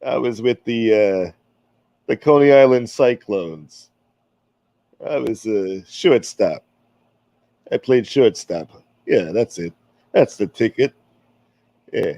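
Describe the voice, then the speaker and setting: A man putting on a gruff old-school mobster who keeps calling himself a gentleman, menacing yet mock courteous. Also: lowish voice, lively intonation, takes it slowly, long pauses, no echo. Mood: boastful.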